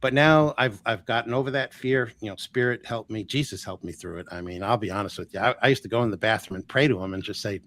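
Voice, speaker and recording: A man in his sixties, a healer guest telling stories in a casual, animated way, chuckling often and acting out what people said. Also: on the low side, fast, hardly any pauses. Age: 60s. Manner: animated, chuckles often, acts out quoted dialogue. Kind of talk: casual storytelling.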